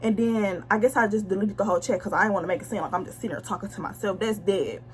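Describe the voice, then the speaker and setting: A young woman blunt, slangy and animated as she tells viewers a personal story in a casual storytime vlog. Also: medium pitch, quick pace. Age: young adult. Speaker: vlogger telling a story.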